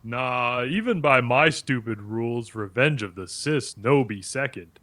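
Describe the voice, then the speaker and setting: A man's voice: medium pitch, measured pace, soft background music. A synthetic man's voice doing a stubborn AI. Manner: argumentative, corrects others flatly. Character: male AI chatbot voice, cocky, stubborn. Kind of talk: voice assistant banter.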